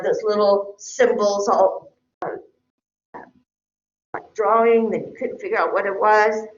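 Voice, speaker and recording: A woman's voice: on the high side, slight background noise. A middle-aged woman lecturing a class in a conversational way, often checking in with her listeners. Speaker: teacher. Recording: echoey room, dull lo-fi sound.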